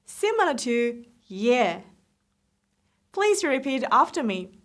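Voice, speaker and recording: A woman teaching Mandarin pronunciation, saying each syllable slowly and repeating it for the learner. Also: a little high, sing-song. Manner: slow, drilled repetitions of syllables. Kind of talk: slow pronunciation lesson.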